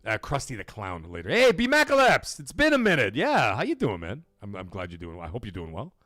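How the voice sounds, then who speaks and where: A man's voice: fairly low pitch, wildly swooping pitch, brisk, sharp tone, no room sound, clean studio sound, faint music behind. A man hosting a live gaming podcast stream, ranting profanely and greeting his chat by name.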